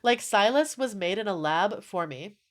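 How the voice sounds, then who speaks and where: A young woman streaming and chatting casually with her viewers, animated and swearing often, with frequent laughter. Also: medium pitch, normal speed. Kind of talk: casual live-stream chat.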